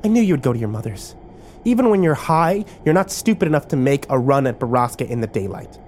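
A male audiobook reader voicing a tough, blunt young woman on the run, raising his pitch for her. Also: very animated, quick pace, darkish tone, slight background noise, close to an everyday voice. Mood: urgent. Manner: pleading then fierce, raised pitch. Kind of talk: audiobook dialogue.

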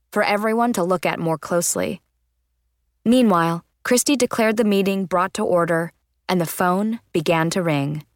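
Expressive woman reading a storybook aloud. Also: mid-range voice, no echo, studio quality. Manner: lively, expressive reading with character voices. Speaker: audiobook narrator. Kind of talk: first-person storybook narration.

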